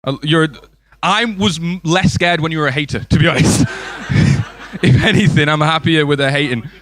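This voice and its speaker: A man's voice: fairly high pitch, normal speed, fairly bright tone. A man in his twenties with an English accent, performing a stand-up comedy set and bantering with the crowd. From England. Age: 20s. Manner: banters with the crowd, acts out voices in stories. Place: comedy club stage.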